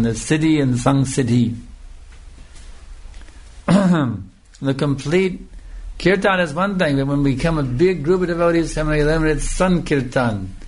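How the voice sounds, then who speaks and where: A man giving a scripture lecture as a spiritual teacher, speaking slowly and emphatically and repeating phrases for emphasis. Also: fairly high pitch, slightly rough.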